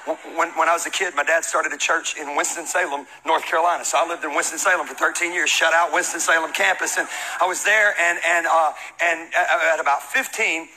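A man's voice: a little high, brisk, few pauses, slight background noise, poor audio. A man preaching a sermon to a congregation, telling a comic story and acting out the voices of the people in it. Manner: animated, acts out quoted voices, laughs and shouts. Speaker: pastor.

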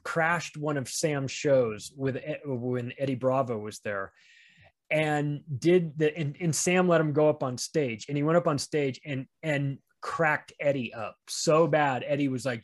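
A man chatting on a podcast, telling rambling stories with lots of restarts. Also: a little high. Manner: rambling, animated storytelling with frequent restarts. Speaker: podcast guest. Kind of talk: casual podcast chat.

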